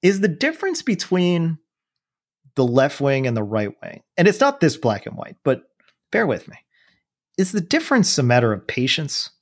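A man co-hosting a casual podcast, talking in an animated way about politics and acting out other people's voices. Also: on the high side, moderate pace. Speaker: podcast co-host.

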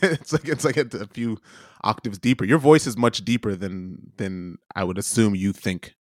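A podcast co-host chats casually, teasing his partner and laughing often. His voice is lowish at a moderate pace, and the recording is dry with clean studio sound.

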